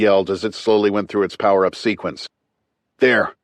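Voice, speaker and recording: A man narrating a thriller audiobook in a tight, clipped, measured way. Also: on the low side, steady tone, no room sound.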